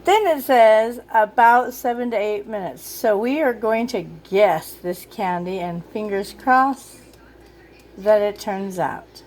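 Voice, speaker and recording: Cooking in her own kitchen, a woman from Utah talks casually at a medium pitch, slow and a little mellow. This cooking vlogger thinks aloud as she goes and is quick to get exasperated.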